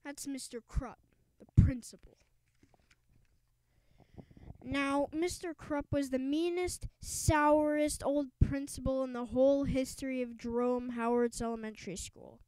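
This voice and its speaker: Slow, high-voiced woman reading a storybook. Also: fairly even intonation, mellow, clean tone, dry recording, rough recording. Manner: stumbles and restarts words while reading. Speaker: audiobook reader. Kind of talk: reading a children's book aloud.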